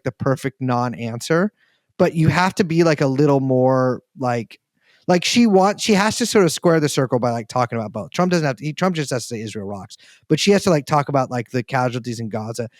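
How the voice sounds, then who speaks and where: A man's voice: mid-range voice, a little fast, no echo. A man co-hosting a podcast, rambling wryly with lots of fillers in casual chat. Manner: rambling, many fillers, wry. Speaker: podcast co-host.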